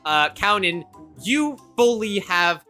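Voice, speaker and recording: A woman's voice: medium pitch, lively intonation, slow pace, bright, forceful tone, faint music behind. A woman narrating a tabletop game as game master, casual and loose with lots of fillers. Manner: casual, many fillers, laughs often.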